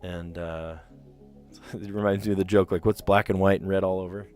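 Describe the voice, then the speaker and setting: A man with a somewhat low voice and a light New Jersey accent hosts a casual live stream as he works through word puzzles. He rambles in a chatty, easygoing way and laughs often, with faint music in the background. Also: little pitch movement, normal speed, a little mellow.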